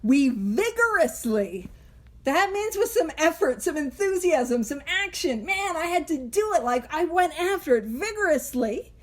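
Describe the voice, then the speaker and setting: Woman host, high bright voice, chatty and animated, laughs between points, leads a book study. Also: moderate pace, hardly any pauses. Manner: animated, chatty, laughs often, self-interrupting asides. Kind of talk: casual teaching chat.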